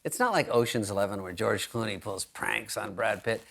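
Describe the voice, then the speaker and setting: A male comedian telling stories on a talk show in a dry, sarcastic way, with lively quoted voices. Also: fairly low pitch, fairly quick, gravelly, slight background noise. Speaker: guest comedian. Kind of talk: anecdotal talk-show storytelling. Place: TV studio before an audience.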